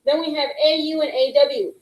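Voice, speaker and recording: A woman teaching young students a phonics lesson, patient and encouraging, slowly sounding out letter blends. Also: sits high, fairly even intonation, roomy sound, highs cut off. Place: classroom with a whiteboard. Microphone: microphone picked up partway.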